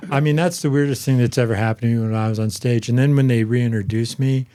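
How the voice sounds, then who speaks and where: A man's voice: medium pitch, steady tone, quick pace, mellow, clear, resonant tone. An older man from the United States, a comedian guest, telling loose, profane stories in casual chat.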